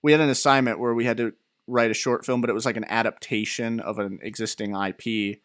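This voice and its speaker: A young man in his twenties co-hosting a podcast, telling rambling, animated stories with fillers and laughs. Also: medium pitch, fast talker, no echo, clean studio sound. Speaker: podcast co-host. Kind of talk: casual chat.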